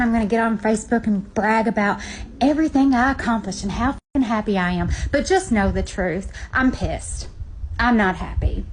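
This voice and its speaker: A woman's voice: fairly high pitch, slight background noise, poor audio. A woman ranting in a vlog, profane and exasperated.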